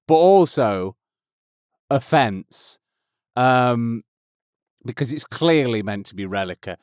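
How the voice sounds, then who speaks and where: A man's voice: medium pitch, big pitch swings, slow pace, pauses often, a bit bright, clear, resonant tone, dry recording. A man in his thirties hosting a casual podcast intro, rambling and self-deprecating on a close mic. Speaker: host. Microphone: close studio mic.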